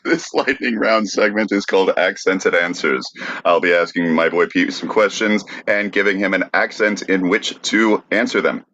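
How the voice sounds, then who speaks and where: A man hosting a comedy podcast, calmly announcing segments and asking questions. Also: low voice, normal speed, a little hiss or hum. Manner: calm, deadpan segment announcing. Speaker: podcast host. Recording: dry, dull lo-fi sound.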